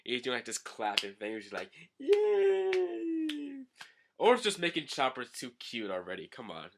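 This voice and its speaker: A man's voice: lowish voice, fairly quick, pushed and bright, slight background noise. A young man recapping a comic chapter in a casual, rambling way, with lots of fillers. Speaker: manga reviewer.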